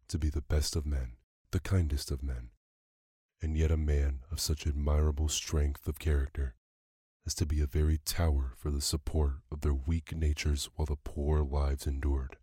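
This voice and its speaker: Very deep-voiced man reading a bedtime story. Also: moderate pace, husky, no room sound, clean studio sound. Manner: calm, even storytelling. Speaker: podcast narrator.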